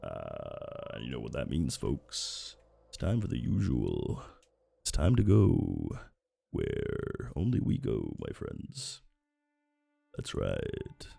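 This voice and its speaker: A man voicing a groggy, deep-voiced announcer with a crackly, gravelly morning voice and a slow, dramatic build-up. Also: huge pitch swings, dark tone, no room sound, faint music behind, full character voice.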